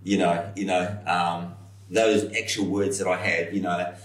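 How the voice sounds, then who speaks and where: A middle-aged man, a pastor telling a story in an animated, storytelling way. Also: deep voice, a little slow. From New Zealand. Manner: animated storyteller, acts out quoted voices. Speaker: senior pastor. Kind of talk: storytelling in a podcast conversation. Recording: roomy echo, somewhat far from mic.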